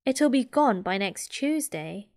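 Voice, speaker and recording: A woman with a British accent voicing an eager, boisterous schoolboy in a soft whispered role-play. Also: very high-pitched, expressive, takes it slowly, full character voice. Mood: excited. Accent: British English. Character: excitable schoolboy, boastful and loud.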